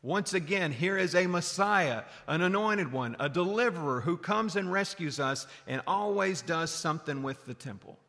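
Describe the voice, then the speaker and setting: A man preaching a sermon, animated, swinging from loud calls down to low, quiet lines. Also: normal speed, hardly any pauses. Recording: long hall reverb.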